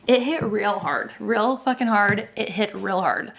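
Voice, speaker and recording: A woman's voice: medium pitch, vocal fry. A woman in her thirties, a podcast co-host, telling a casual story with lots of laughter and swearing. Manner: laughing, animated, swears freely.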